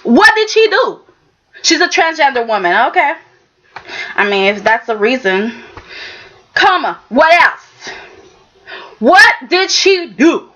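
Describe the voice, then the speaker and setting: A woman's voice: high voice, sing-song, slow pace, pauses often, sharp tone. A woman reviewing a soap opera in a casual, emphatic, exasperated way, often tossing in "okay?". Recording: dull lo-fi sound.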